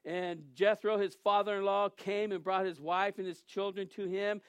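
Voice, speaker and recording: High-voiced male pastor preaching. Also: level tone, moderate pace, clean tone, no echo. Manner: conversational storytelling preacher, emphatic at times. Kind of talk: sermon.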